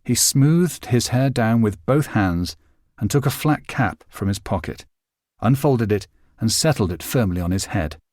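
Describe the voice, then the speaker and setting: A man reading a novel aloud as its narrator in a measured, expressive storytelling manner. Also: on the low side, no room sound, studio quality. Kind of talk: scripted narration.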